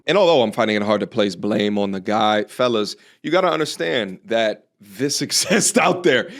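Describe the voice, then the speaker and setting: Man, reaction commentator, blunt, scornful, slangy, mid-range voice. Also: medium pitch.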